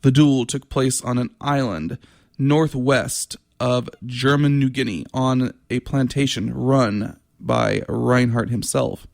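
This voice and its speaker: A man, the author, reading aloud from his own novel in a measured way, now and then stumbling and restarting a word. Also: mid-range voice, steady tone, gravelly, no echo, clean studio sound.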